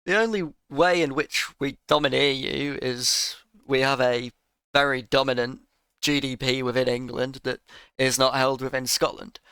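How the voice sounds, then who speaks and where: A man's voice: medium pitch, steady tone, moderate pace, pushed and bright, smooth, no room sound. A man giving a sarcastic, exasperated reaction rant to another creator's video.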